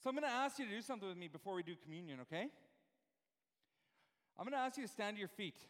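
A pastor delivering a sermon, preaching fervently and asking the congregation rhetorical questions. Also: male voice, sits high, animated, racing, a bit bright, big-room sound. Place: church room with live audience, also streamed.

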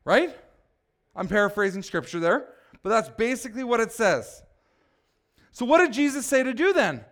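A man's voice: very high voice, very animated, normal speed, a bit bright. A man preaching a sermon as pastor, speaking emphatically and asking the congregation questions.

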